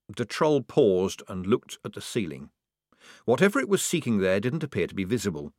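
A man narrating a comic fantasy audiobook in a measured, dry, expressive way. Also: on the low side, no room sound.

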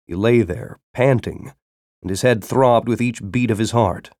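A man narrating a story in a dramatic reading style, breaking into urgent, shouted dialogue. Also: mid-range voice, animated, measured pace, no room sound, studio quality. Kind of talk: audiobook narration.

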